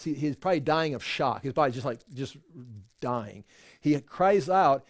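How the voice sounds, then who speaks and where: A man with a fairly high voice teaches scripture in a loose, conversational way. He often restarts sentences and drops in rhetorical asides. The sound is dry and close, with no room echo. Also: a little mellow. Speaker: Bible teacher.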